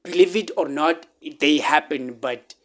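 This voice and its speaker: Guy vlogging his story, keeps saying "man" and "right", choked up and halting. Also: fairly high pitch, a bit bright. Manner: halting, repeats words, fillers like "man" and "right?". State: close to tears. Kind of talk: emotional personal storytelling.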